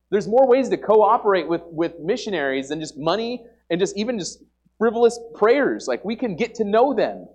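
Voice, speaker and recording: A man's voice: sits high, very animated, normal speed, a little mellow. A young man preaching an informal sermon to a church congregation, earnest and emphatic, often repeating himself and using "like" as a filler. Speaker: lay preacher. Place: church service before a congregation.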